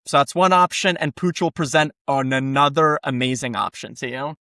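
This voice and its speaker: A man's voice: medium pitch, moderate pace, sharp tone, no echo, studio quality. A young man co-hosting a comedy show, chatting earnestly and arguing his point about football clubs. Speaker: co-host pitching a football club. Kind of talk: casual comedic chat.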